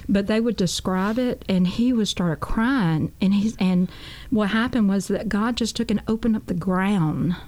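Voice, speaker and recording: A woman's voice: mid-range voice, unhurried, hardly any pauses, darkish tone. A woman guest on a talk show, telling her testimony in an earnest, folksy way and often repeating "I said.". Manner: earnest, folksy storytelling with a lot of "I said".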